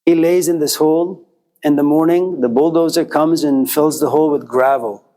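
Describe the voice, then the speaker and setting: A man's voice: steady tone, moderate pace, warm tone. A man giving a storytelling lecture, talking conversationally and speaking straight to his listeners. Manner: conversational, addresses listeners directly; acts out quoted characters with jumps in pitch.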